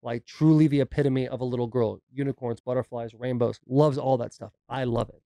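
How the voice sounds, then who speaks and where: A man co-hosting a podcast, telling animated stories in casual chat and mimicking his kids' voices. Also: mid-range voice, brisk, vocal fry, no echo. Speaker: podcast co-host.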